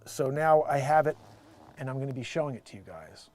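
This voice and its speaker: A man hosting his own show, talking in a rambling, joking way that swings between low mutters and loud bursts. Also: expressive, a little fast, a little hiss or hum. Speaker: show host. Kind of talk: casual live-stream commentary.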